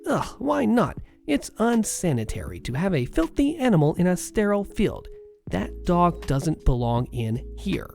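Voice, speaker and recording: A man's voice: sits high, big pitch swings, unhurried, vocal fry, a little mellow, faint music behind, pitched above the performer's own voice, exaggerated voice. A man reading a story aloud, voicing a rude, entitled middle-aged woman who screeches insults at a service dog and its owner. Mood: shrill, scornful. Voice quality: screechy, scornful.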